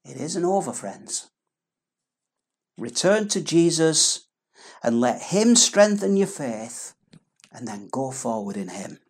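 A woman's voice: very deep voice, sing-song, takes it slowly, long pauses, a little mellow, breathy edge. A woman preaching an earnest, emphatic sermon with pleading repetitions.

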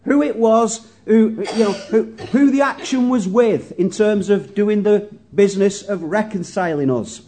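Man, preacher, sermon, earnest, questioning, high-pitched. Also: a little slow, hardly any pauses, warm tone. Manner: earnest, asks the congregation questions, repeats words.

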